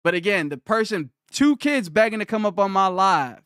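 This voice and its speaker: A man streaming live who fires back at his chat, combative and mocking, repeating himself for emphasis. His voice sits high for a man, with a smooth, clean tone. The sound is dry and close. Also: expressive, normal speed, a bit bright, dry recording. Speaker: livestreamer. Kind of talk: livestream rant answering chat.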